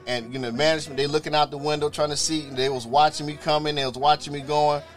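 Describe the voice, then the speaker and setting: A man with a slightly high voice talks fast as he casually shares his personal testimony. Animated, he acts out others' voices in quoted dialogue and frequently repeats or restarts words.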